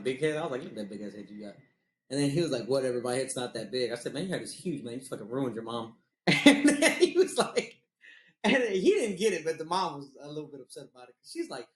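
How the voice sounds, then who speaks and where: A man's voice: medium pitch, a bit bright, reverberant. A man telling loose, profane stories in casual chat, laughing at his own jokes. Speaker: podcast host.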